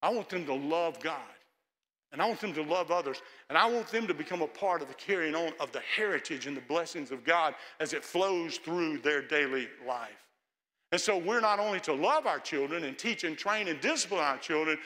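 Older male pastor, bright high voice, storytelling sermon with hushed pleading asides, long church echo. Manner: storytelling, acting out prayers in hushed pleading tones. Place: large church sanctuary.

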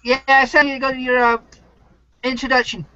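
Host, male, very high and bright voice, plain interviewer, dry muffled call line. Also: flat delivery, fairly quick, no room sound. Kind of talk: live-stream interview. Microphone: computer mic on an online call.

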